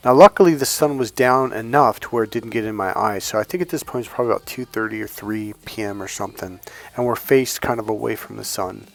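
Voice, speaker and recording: A man working as a dating coach, telling a story in a deliberately slowed, calm way and swearing bluntly. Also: on the low side, vocal fry. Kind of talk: casual storytelling monologue.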